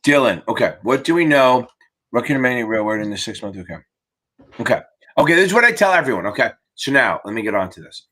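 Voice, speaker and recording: A man's voice: mid-range voice, animated, fast talker, pushed and bright, husky. A man hosting a live exam-prep Q&A, giving blunt, profane, fired-up coaching in a casual livestream way.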